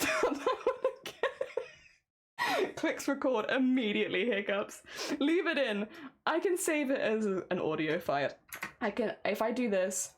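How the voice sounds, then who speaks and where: A woman streaming as she records and edits a song cover, chatting casually, laughing at herself and talking through each step. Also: medium pitch. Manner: giggly and self-deprecating, narrating each editing step. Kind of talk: casual livestream chat while editing audio.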